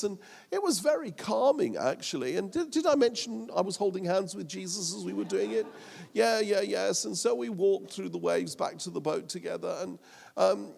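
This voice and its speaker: A man's voice: sits high, gravelly, darkish tone, long reverb tail. A man playing a boastful apostle who tells his tale in a rambling, self-important way with many restarts.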